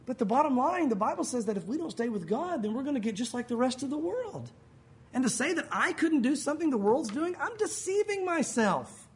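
Male pastor preaching, conversational delivery with a lively, swinging pitch. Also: fairly quick. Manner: conversational preaching, acts out quoted voices. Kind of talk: sermon.

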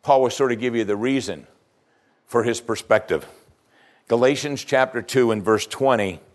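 Speaking at an ordinary speed in a mid-range voice, this male pastor delivers a sermon by paraphrasing scripture in casual speech. He addresses his congregation head-on, keeping the preaching conversational.

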